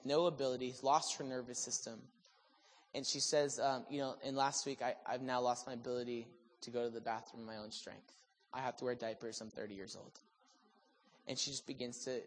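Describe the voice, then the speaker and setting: A man preaching a sermon, telling a healing story with animated delivery that swings from loud excitement to hushed, sober moments. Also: mid-range voice. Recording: long reverb of a large hall.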